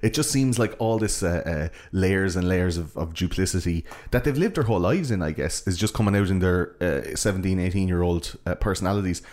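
A man's voice: low-pitched, brisk, few pauses. A man co-hosting a podcast, chatting casually and rambling about a film, often acting out lines from it. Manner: rambling, animated quoting of characters. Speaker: podcast co-host.

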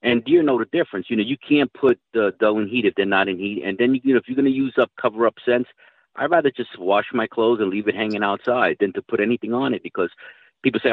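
Low-voiced man on a tinny line. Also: fast, no room sound. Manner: rambling, swears casually. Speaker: guest telling hunting stories. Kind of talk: casual storytelling chat. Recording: dry tinny phone-like line.

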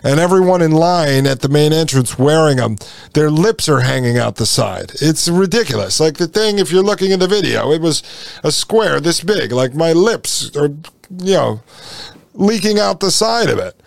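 A man hosts his podcast solo, recounting a personal story with blunt, indignant energy and casual asides. His voice sits a little high and carries a gravelly edge. The sound is dry and close. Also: animated, moderate pace, no echo. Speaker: podcast host.

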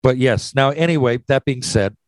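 A man's voice: medium pitch, moderate pace, no echo, poor audio. A man hosting a casual chat, posing hypothetical questions with lots of restarts and swearing. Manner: rambling, restarts, profane. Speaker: podcast host.

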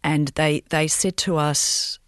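A middle-aged woman, a mother, recounting a painful memory in an interview, halting and emotional, often restarting her sentences. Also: sits low, fairly even intonation, no room sound, clean studio sound. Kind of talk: personal storytelling in an interview.

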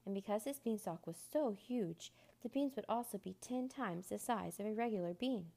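A woman reading a children's book aloud in a measured storytelling manner. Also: mid-range voice, creaky, warm tone. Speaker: narrator.

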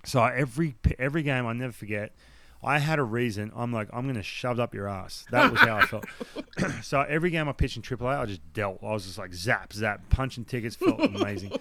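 A man's voice: mid-range voice, fairly quick, a little hiss or hum. A man from Australia with an Australian accent, a guest telling a story in casual chat. He acts out what other people said, blunt and swearing now and then. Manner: animated, acts out the dialogue of others. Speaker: podcast guest, former baseball pitcher.

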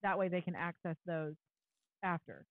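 A woman hosting a podcast, talking in a relaxed, thoughtful way with soft affirmations. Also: on the low side, moderate pace, no echo. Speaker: podcast host. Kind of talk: casual parenting chat. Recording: dry, phone-like remote line.

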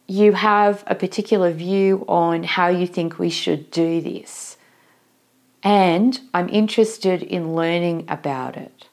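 A woman with a somewhat low voice talks listeners through how words and tone land at work. She muses on her own habits and keeps putting questions to the listener. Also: a little mellow. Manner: reflective, asks the listener questions. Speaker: workplace communication coach. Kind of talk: solo talk to listeners.

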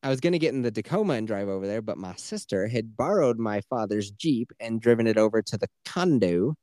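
A man's voice: lowish voice, fairly quick, no echo, studio quality. A man co-hosting a podcast who tells stories casually, swearing freely and putting on the voices of the people in them. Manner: animated, profane, acts out voices in his stories. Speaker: podcast co-host. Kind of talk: casual storytelling chat.

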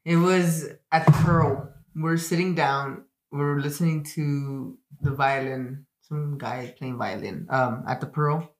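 A young man chatting casually, sheepish and quick to laugh. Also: fairly high pitch, fairly even intonation. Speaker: guest, boyfriend. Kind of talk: casual chat. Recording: echoey room.

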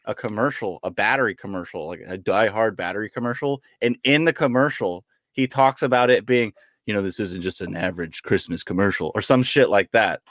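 A man's voice: on the low side, brisk, fairly bright tone, dry recording, studio quality. A man co-hosting a podcast, joking and swearing freely in casual banter. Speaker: podcast co-host. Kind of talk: casual chat.

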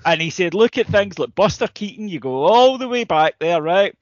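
A man's voice: high-pitched, animated, normal speed, no room sound, dull audio. A man, co-hosting a podcast, telling stories and ranting in casual, sweary chat. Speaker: podcast co-host.

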